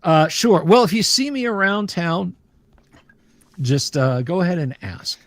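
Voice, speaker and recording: A man doing a high, eager wandering trader. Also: big pitch swings, measured pace, fairly bright tone, no echo, exaggerated voice. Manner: eager, repeats himself, folksy. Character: friendly lone wandering male trader.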